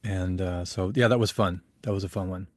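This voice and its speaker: Low-ish guy voice actor rambling casually, super dry studio sound. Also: fairly quick, no room sound. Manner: relaxed, rambling, laughs easily. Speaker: voice actor guest. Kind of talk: casual interview chat. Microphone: home studio mic.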